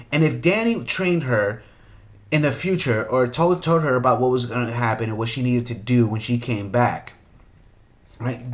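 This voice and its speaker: A man's voice: mid-range voice, fairly bright tone. A young man ranting about a movie in an exasperated, opinionated way, firing off rhetorical questions. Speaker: movie commentator.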